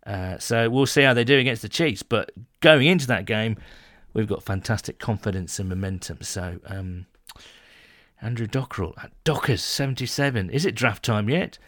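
A man's voice: on the low side, moderate pace, a bit bright, dry recording, clean studio sound. Chatty British man reading fan messages. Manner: chatty, jokey, reads messages then reacts. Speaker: podcast host. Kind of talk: casual chat, reading listener messages.

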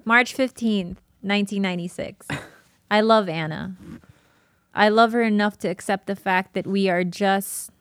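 A woman podcast host reading a diary aloud and chatting, emotional and quick to laugh. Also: medium pitch, smooth, dry recording, clean studio sound.

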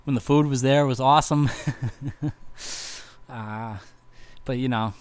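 A young man, a touring metal bass player rambling heartfelt thanks with lots of swearing and fillers. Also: steady tone, unhurried, clean tone, no echo. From Massachusetts. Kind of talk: casual vlog thank-you message.

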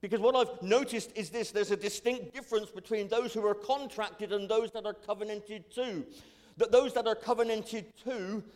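A middle-aged man preaches a sermon from the front of a church, his voice sitting notably high for a man. He speaks earnestly and often stumbles into quick repeated words before pressing on. A long reverb from the church hall trails after each phrase. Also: fairly even intonation, a little mellow. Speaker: pastor. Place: church sanctuary.

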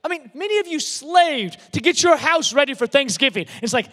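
A man preaching in a big hall with a long reverb trailing off his words. His voice sits very high for a man, and he presses his points hard, often doubling words as he builds up. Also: expressive, fairly quick, few pauses, a bit bright. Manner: emphatic, repeats words when building a point. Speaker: pastor. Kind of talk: sermon. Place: large church hall.

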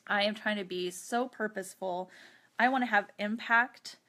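A woman's voice: mid-range voice, normal speed, sharp tone. A woman hosting her own podcast, talking openly and earnestly about a personal struggle, with chatty asides and prayer, sounding teary after crying. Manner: earnest, open, chatty with light laughs. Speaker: podcast host. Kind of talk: personal confessional talk with prayer.

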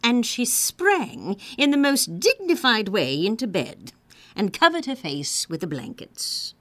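A woman narrating a children's story in a playful, expressive reading. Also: medium pitch, no echo.

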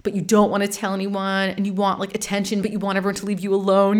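A woman in her thirties hosting a podcast, telling a personal story in a frank, animated way, swearing casually and laughing often. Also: medium pitch, fast talker, few pauses. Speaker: podcast host and meditation teacher.

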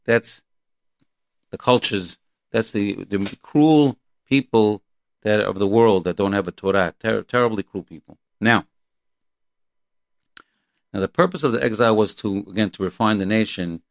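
Halting, earnest man giving a Torah lecture. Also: on the low side, no room sound. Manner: halting and repetitive, earnest and emphatic. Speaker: Torah teacher. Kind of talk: Torah lecture, quoting Hebrew verses and translating.

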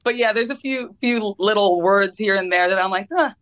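A woman's voice: mid-range voice, normal speed, a bit bright. A young woman footballer from the United States answering interview questions casually, with frequent ums and laughs. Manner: laughs often, many ums. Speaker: guest footballer.

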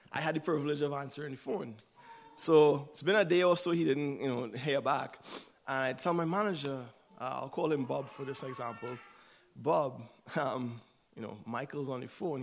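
Gravelly-voiced man preaching conversationally. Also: medium pitch. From United States. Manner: conversational, asks "right?" often. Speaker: church speaker. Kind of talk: sermon.

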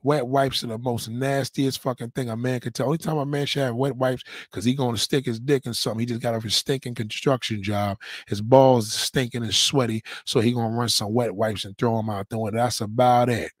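A man's voice: mid-range voice, fairly even intonation, brisk, few pauses, dry recording. Profane ranting man on a livestream. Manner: loud, profane, rambling and repetitive. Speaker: livestream host reading viewer comments. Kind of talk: profane casual rant. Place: at home, in a towel on camera.

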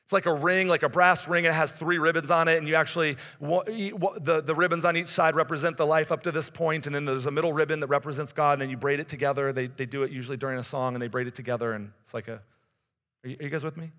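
A man's voice: fairly high pitch, fairly even intonation, fast, sharp tone. A man in his forties preaching a conversational sermon in a church. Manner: conversational preaching, rises and drops in intensity. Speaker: pastor. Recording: long hall reverb.

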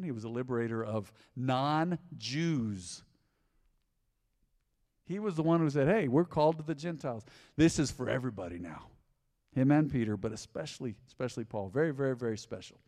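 A male pastor preaching a sermon in a church hall, animated and conversational, often repeating his points. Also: mid-range voice, fairly quick. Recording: long hall reverb.

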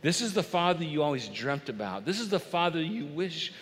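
A middle-aged man preaching a sermon in a lively, conversational way, acting out little bits of dialogue. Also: a little high, a little fast. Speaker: pastor. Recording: long reverb of a large hall.

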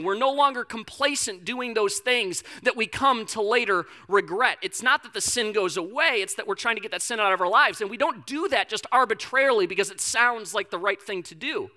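A man in his thirties preaching a sermon with a bright, forward voice. He talks like he is chatting with friends, telling stories about his own mistakes, then drops to a hushed, earnest tone. His rhythm is loose, with quick restarts and repeated words. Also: high-pitched. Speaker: pastor.

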